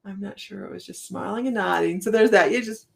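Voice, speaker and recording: A woman's voice: mid-range voice, fairly quick, gravelly. A woman with a Southern American accent hosting a livestream, chatting casually, laughing often and reading viewer comments aloud. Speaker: psychic livestream host.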